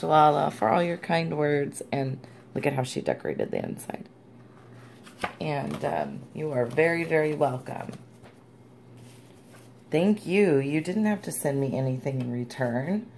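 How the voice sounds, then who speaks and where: A low-pitched woman with a gravelly edge to her voice, chatting through a casual unboxing vlog. She gushes and chats warmly at the camera while sounding tired, with a faint hiss behind her. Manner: gushing and chatty, squeals and laughs often. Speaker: crafting vlogger.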